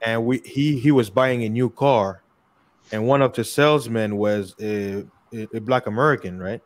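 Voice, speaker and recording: A man's voice: mid-range voice, normal speed. A man from Congo with a Congolese accent, talking casually as a podcast guest. He often repeats words and acts out both sides of the dialogue when he tells a story. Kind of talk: casual discussion.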